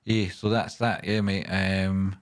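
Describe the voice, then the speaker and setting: Low-voiced man ranting on a livestream. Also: little pitch movement, slow pace. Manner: ranting and swearing, then rambling while walking through charts. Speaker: livestream host and stock chart analyst. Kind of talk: casual livestream chat, reading viewer questions.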